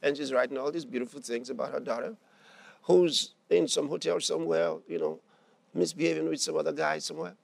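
Gravelly, high-voiced male preacher. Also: steady tone, a little fast, no room sound. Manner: emphatic, repeats phrases, asks the congregation questions. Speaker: pastor. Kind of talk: sermon.

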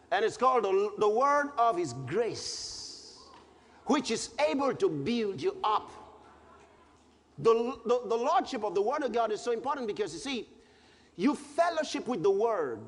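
A very high-pitched man preaches with a lively, swooping voice, slowing down to press each point. He repeats his phrases and bursts into shouted scripture. His voice rings through a large hall with faint noise behind it. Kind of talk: sermon.

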